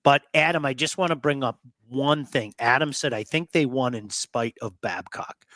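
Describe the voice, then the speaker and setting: A man hosting a sports talk show, telling stories in an emphatic, animated way and repeating words for effect. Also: mid-range voice, normal speed, no room sound. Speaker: sports radio host.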